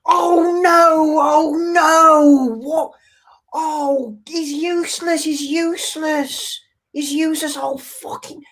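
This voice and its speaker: A woman's voice: high voice, fairly even intonation, slow pace, a bit bright, voice pushed up. A woman imitating a despairing male football fan pundit who wails and repeats his complaints.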